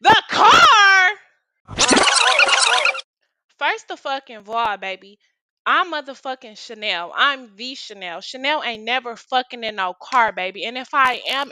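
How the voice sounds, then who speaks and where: A young woman with a high, bright, forceful voice spins a profane, slang-filled story in a casual chat. The sound is dry and close, with no room around it. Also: no echo. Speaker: storytime vlogger.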